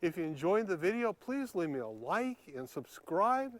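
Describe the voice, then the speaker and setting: A man's voice: high-pitched, big pitch swings, normal speed, no echo. A man vlogging while he walks around a lake outdoors, talking casually with many fillers and restarts. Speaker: YouTube vlogger. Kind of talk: casual walking vlog. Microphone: handheld camera while filming.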